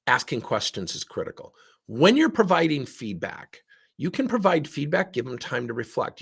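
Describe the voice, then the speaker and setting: A middle-aged man giving a fast, animated talk about leadership and coaching, acting out the dialogue in his stories. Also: on the high side, creaky, husky. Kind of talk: lively talk.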